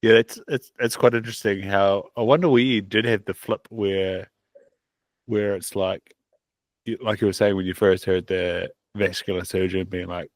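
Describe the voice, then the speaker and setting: Man, host, low-pitched, relaxed reflective chat, dry recording. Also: normal speed, dry recording. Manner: laughs often, relaxed and reflective. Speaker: podcast host. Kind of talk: casual interview chat.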